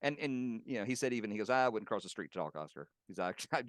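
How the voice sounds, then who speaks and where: A professional puppeteer, interviewed casually at home, reminisces fondly about colleagues and laughs occasionally while telling stories. His voice is on the low side, expressive and quick. The sound is clean, studio-grade, and echo-free.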